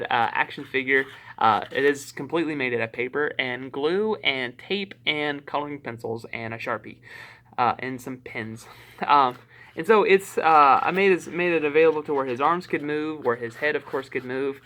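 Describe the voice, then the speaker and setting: A man's voice: fairly high pitch, sharp tone. A man with a Southern US accent, chatting casually to camera as a YouTube vlogger in a rambling, self-deprecating way.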